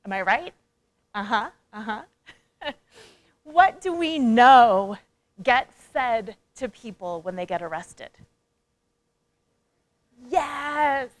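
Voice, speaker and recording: A woman with a high voice gives a motivational talk at a conference. She keeps it playful, asks the audience questions and drops into quick acted voices for the people she quotes. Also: animated, no room sound. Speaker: speaker and coach.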